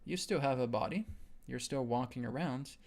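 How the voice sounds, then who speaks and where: Brief: male spiritual host, mid-pitched and gravelly, earnest and insistent. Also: normal speed, a little mellow. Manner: earnest, repetitive, with emphatic "right?" asides. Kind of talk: spiritual teaching on a live stream.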